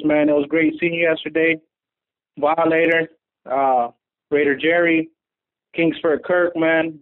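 Upbeat male fan calling by phone. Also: on the high side. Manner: upbeat, says man constantly. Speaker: caller. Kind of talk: excited fan call over the phone. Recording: tinny phone line.

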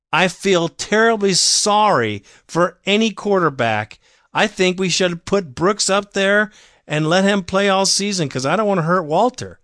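A man talks at an unhurried pace in a dry, close recording. His sports fan monologue is heated and opinionated. It swings between measured grumbling and loud outbursts. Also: high-pitched, dry recording. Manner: heated, ranting, swings from calm to shouting.

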